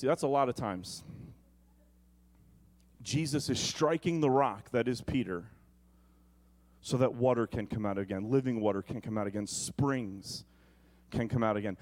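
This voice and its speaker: A man's voice: mid-range voice, a little slow, long pauses, darkish tone. A male pastor preaching a sermon in a conversational way, with comic asides.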